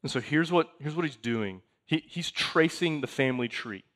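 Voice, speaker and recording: A man's voice: a little high, animated, normal speed, fairly bright tone. A man in his thirties, a pastor preaching a sermon in a conversational way, reading scripture aloud and making asides to the congregation.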